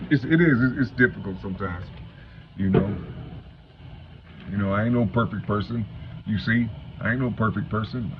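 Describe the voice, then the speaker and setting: A man's voice: normal speed, pauses often. A man in his fifties from Cincinnati, talking to viewers in a rambling, stuttering monologue that is full of swearing and "you know what I'm saying.". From Cincinnati, Ohio. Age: 50s. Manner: salty street talk, heavy swearing. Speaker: vlogger. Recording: dull low-fi home recording, faint hum.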